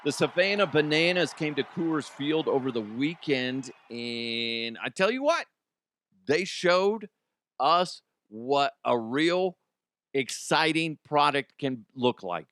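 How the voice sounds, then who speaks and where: A man's voice: lively intonation, slow, a bit bright, dry recording. A middle-aged man hosting a comedy podcast, reading ads and riffing self-mockingly. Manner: self-mocking, jumps into high squeals for jokes. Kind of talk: casual comedic monologue with ad reads.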